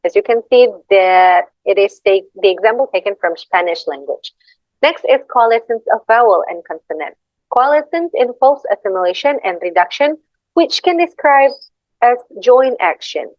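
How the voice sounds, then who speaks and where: A woman's voice: mid-range voice, animated, normal speed, no room sound. A young woman with an Indonesian accent giving a class presentation, hesitant and apologetic, reading slides and repeating example words. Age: young adult. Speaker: student presenter. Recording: dull lo-fi dry recording.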